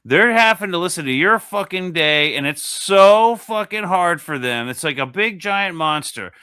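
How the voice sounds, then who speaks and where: A man co-hosting a casual comic-book discussion, talking in an animated, profane way. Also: high-pitched, normal speed, clean tone, dry recording, clean studio sound. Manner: animated, profane, acts out voices in bursts. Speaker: podcast co-host.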